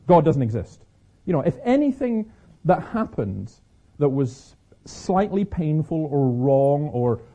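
A Scottish man with a sore throat, giving a lively preaching talk on stage to an audience and telling stories with many restarts. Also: mid-range voice. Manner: lively storyteller, repeats words as he restarts. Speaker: speaker. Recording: slightly dull lo-fi recording.

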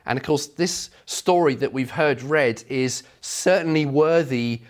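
A middle-aged man preaching a sermon, telling stories with animated delivery. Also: mid-range voice, unhurried. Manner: storytelling, animated, voices quotes.

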